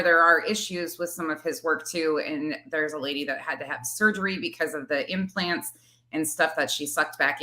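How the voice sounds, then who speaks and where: A woman hosts a casual commentary with a lower, sharp-edged voice. She keeps it chatty, wandering off into asides before coming back to the point. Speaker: commentary channel host.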